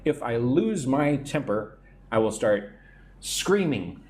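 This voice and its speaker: Male english teacher on a live stream, slow and unhurried delivery, animated pitch, light background hiss. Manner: explains idioms and reads out chat comments, repeating "right?". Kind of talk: live-stream idiom lesson.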